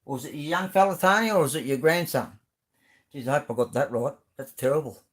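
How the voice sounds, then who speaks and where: An Australian man hosts a live stream, reading out viewer comments and chatting casually about them. His voice is on the high side and quick, and his friendly, rambling talk is full of fillers and restarts.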